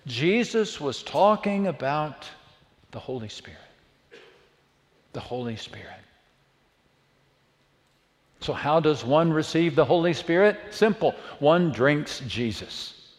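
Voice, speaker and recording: A man preaching a sermon to a church, dramatic, swinging from hushed words to loud calls. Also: fairly high pitch, expressive, slow, pauses often. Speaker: pastor. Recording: long reverb of a church hall.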